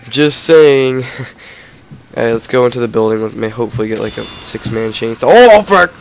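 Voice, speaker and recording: Sick teen guy gaming, gravelly cracking voice, rambles then yells, faint hiss behind. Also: medium pitch, little pitch movement, moderate pace. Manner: rambling, bursts into shouted frustration. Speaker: gamer. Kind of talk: casual gameplay commentary.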